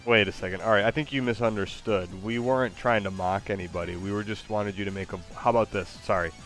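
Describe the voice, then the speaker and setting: Lowish-voiced guy streaming, casual, lots of ums, trips over his words. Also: fairly even intonation, fast, a bit bright, faint music behind. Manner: hesitant, many fillers, tongue-tied. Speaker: streamer host. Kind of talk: casual chat.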